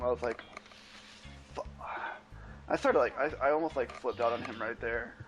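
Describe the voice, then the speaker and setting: A man's voice: mid-range voice, moderate pace, pauses often, low-quality recording. A young man on a podcast, telling a rambling story and acting out both sides of his phone calls. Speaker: podcast co-host. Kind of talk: casual storytelling chat. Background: faint background music.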